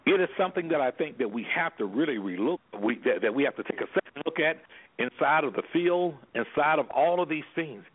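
Heard over the phone on call-in radio, an anger management specialist talks fairly quickly in a slightly high, animated voice. He speaks with impassioned, preacherly emphasis and acts out quoted voices.

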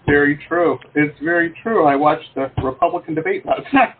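A man's voice: on the high side, lively intonation, normal speed. A chatty man from the United States hosting a casual video interview, rambling and joking as he talks. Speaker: interview host. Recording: tinny call audio with faint hiss.

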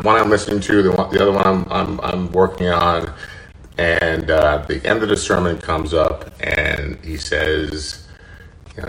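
A man hosting his own podcast, telling a personal story in an earnest, halting way, often repeating words as he goes. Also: sits low, creaky, a bit bright, rough recording. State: choked up, tearful. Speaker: podcast host.

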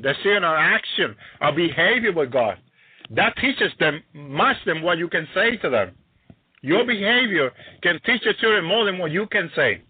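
A man's voice: a little high, husky, no echo. Emphatic preacher man on a tinny line. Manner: emphatic, repetitive, exclaiming hallelujah. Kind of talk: sermon. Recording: tinny phone-like sound.

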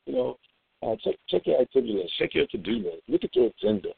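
Gravelly man giving a devotional talk. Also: mid-range voice, animated, quick pace, no echo. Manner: storytelling, chatty, with fillers and repeats. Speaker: devotional host. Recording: phone-like dry recording.

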